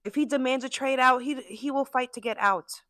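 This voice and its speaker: Bright, blunt sports podcast co-host. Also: high voice, moderate pace, no room sound, studio quality. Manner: blunt and profane, acts out players' imagined thoughts. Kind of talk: casual sports chat.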